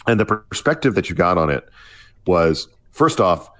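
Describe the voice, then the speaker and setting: A man's voice: low voice, sing-song, normal speed, a bit bright. A man co-hosting a casual music podcast, thinking aloud with frequent restarts and fillers. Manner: hesitant, many restarts and fillers. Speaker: podcast co-host.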